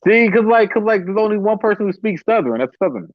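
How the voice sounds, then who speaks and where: A man's voice: high voice, animated, quick pace, dry recording. Teasing man on a dull dry mic. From northern Ohio. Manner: teasing, jokey. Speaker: podcast co-host. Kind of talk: casual sports chat.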